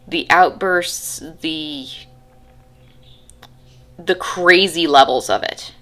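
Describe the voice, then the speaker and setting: A woman's voice: on the low side, expressive, takes it slowly, long pauses, sharp tone. A woman vlogging casually to camera, rambling with many restarts and acting out her own frustrations. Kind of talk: casual talking-to-camera vlog.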